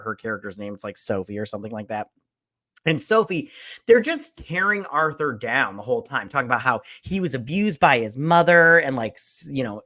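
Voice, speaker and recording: A man rambles through a casual spoiler review of a film, swearing freely and padding his lines with fillers. His voice sits at a middle pitch and has a bright, forceful edge. When he acts out a scene, he jumps up in pitch and loudness. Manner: rambling and profane, full of "like" and "or whatnot". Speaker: movie review host.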